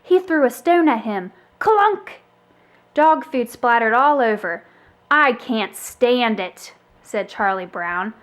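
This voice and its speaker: A woman reading a children's book aloud as a storyteller, with expressive, animated delivery. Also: on the high side.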